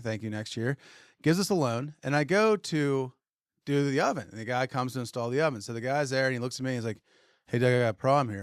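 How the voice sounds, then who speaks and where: A podcast co-host who works in retail tells a story in casual chat, animatedly acting out what people said to him. His voice sits at a medium pitch, recorded in studio quality with no echo.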